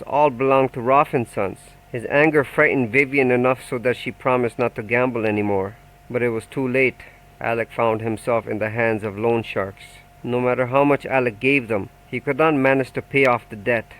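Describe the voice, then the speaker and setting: A man reading a novel aloud in steady, measured audiobook narration. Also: medium pitch, poor audio.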